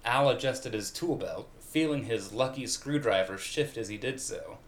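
A man giving a comedic reading of fan fiction aloud in a mock-dramatic, deadpan way. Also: medium pitch, normal speed, roomy sound. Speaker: reader.

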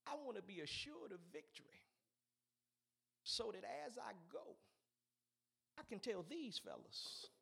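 A preacher acting out a calm, confiding king. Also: a little high, quick pace, voice pushed down, lightly acted. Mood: coaxing. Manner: soft, coaxing, street-casual.

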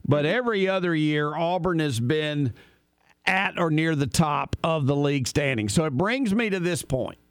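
Man, sports radio host, higher voice, smooth and crisp, dry close sound. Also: expressive, normal speed, no echo. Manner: opinionated storyteller, folksy asides. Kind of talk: sports talk radio chat.

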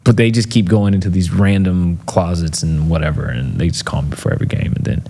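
Deep, gravelly and slightly rough, this man's voice comes fast. He is interviewed as a motivational speaker, animatedly telling stories with many fillers and performing the things people said.

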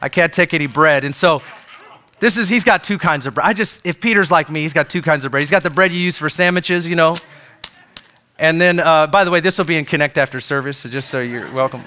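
A man's voice: a little high, brisk, pushed and bright. A man preaching a sermon at a church service, in a conversational, joking way that keeps asking the congregation questions. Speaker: pastor.

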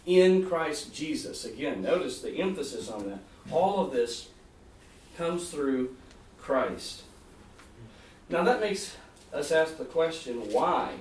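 A man's voice: medium pitch, a little hiss or hum. A man preaching a sermon in an earnest way, repeating key phrases for emphasis. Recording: roomy, distant mic, faint ambience.

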